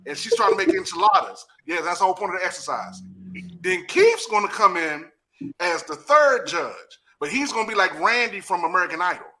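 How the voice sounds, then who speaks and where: A man with a D.C. hosts a loose podcast chat. He sits high in his range for a man, with a bright, forceful edge. He coaches and sets up scenes with lively energy and frequent laughter. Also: a little fast. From Washington, D.C. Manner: animated, laughing, coaching and directing others. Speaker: podcast host and acting teacher.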